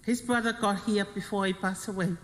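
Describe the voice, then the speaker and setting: A middle-aged woman with a Samoan accent giving a funeral eulogy as the widow, speaking in short, halting, heartfelt phrases and slipping into Samoan. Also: mid-range voice, steady tone. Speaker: widow of the deceased. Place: funeral service venue. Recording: long reverb of a funeral hall.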